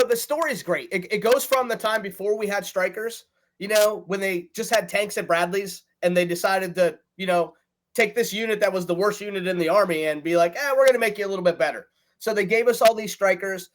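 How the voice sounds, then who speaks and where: A man's voice: high-pitched, rough recording. A male veteran and author telling his unit's war story in an earnest, matter-of-fact way as a guest. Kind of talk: storytelling in casual chat.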